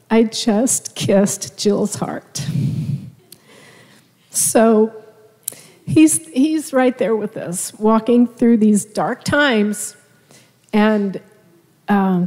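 A woman giving a halting, heartfelt testimony in a church. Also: mid-range voice, mellow. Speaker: minister's wife. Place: church sanctuary. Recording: church hall reverb.

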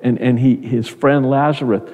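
A man's voice: mid-range voice, steady tone, normal speed, in a large hall, phone-quality sound. A man preaching a sermon in an earnest, conversational way, often repeating words as he goes.

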